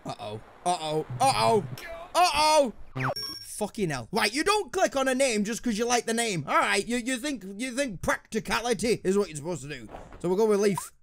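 A man's voice: high voice, very animated, moderate pace, creaky, a bit bright, a little hiss or hum. A man with a British accent doing sarcastic let's play commentary, swearing and muttering to himself. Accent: British English. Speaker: gaming YouTuber. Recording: game music behind.

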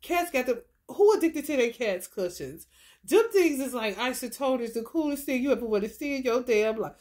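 A high-pitched woman speaking with in a loose, chatty spiritual talk. She laughs often and swings from low murmurs to bright bursts. It sounds like a tarot reader talking straight to her viewers. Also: lively intonation, normal speed. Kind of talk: casual spiritual monologue.

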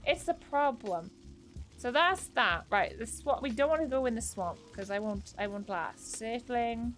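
A woman's voice: on the high side, expressive, measured pace, a bit bright, soft background music. A young woman chatting casually while streaming a game, thanking viewers by name and laughing at her own confusion. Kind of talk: casual live-stream chat while playing.

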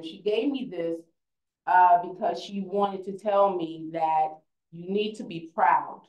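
A woman's voice: lowish voice, slow, a little mellow, echoey room, poor audio. A young woman speaking on a conference panel, earnest and conversational, often restarting her sentences.

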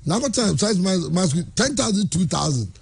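A man's voice: sits high, sing-song, moderate pace, vocal fry, darkish tone, slightly rough. A man with a Ghanaian accent hosting a casual radio chat, quizzing his guest and repeating the answers back.

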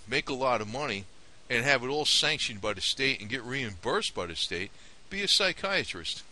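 Rambling, indignant man with a sharp voice. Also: mid-range voice. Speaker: vlogger. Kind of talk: casual opinion rant to camera.

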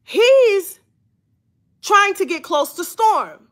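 High-voiced woman, telling drama storytime, loud and profane. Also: extremely slow. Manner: blunt, profane, animated storytelling with quoted dialogue. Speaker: commentary channel host. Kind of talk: casual storytime commentary.

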